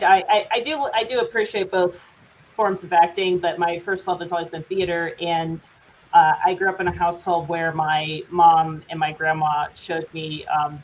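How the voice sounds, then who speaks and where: Actress lady chatting away, lots of um and like, kinda muffled lo-fi sound w a little hiss. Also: on the low side. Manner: chatty, with many fillers and restarts. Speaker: guest actress. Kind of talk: casual interview chat. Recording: dull lo-fi audio with faint hiss.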